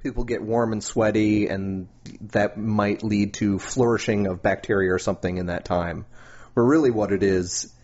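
A man's voice: on the low side, fairly even intonation, normal speed, a little mellow. A man co-hosting a skeptic podcast in casual chat, joking, laughing often and swearing when he trips over his words. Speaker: podcast co-host. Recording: dull lo-fi podcast audio.

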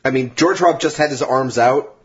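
A man's voice: medium pitch, moderate pace. A man co-hosting a podcast, explaining things step by step in casual chat. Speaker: podcast co-host. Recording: dull lo-fi podcast audio.

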